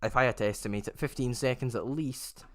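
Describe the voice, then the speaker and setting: A man's voice: medium pitch, a little fast, no room sound, studio quality. A man hosting a race watchalong, giving live chatty commentary and often correcting himself mid-sentence.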